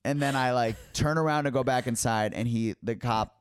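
A man guest on a podcast, telling a story in a casual, animated way with lots of "like". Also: mid-range voice, moderate pace, slight background noise. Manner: animated, heavy use of filler "like".

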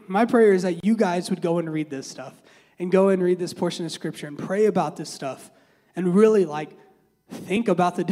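A man's voice: high voice, dark tone, big-room sound. A man giving a casual, conversational sermon, talking through a Bible passage with many fillers and restarts. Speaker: preacher.

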